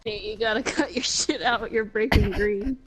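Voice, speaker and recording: A woman's voice: mid-range voice, fairly even intonation, moderate pace, faint music behind, poor audio. A woman in casual voice chat, teasing and scolding a friend. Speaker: gamer in voice chat.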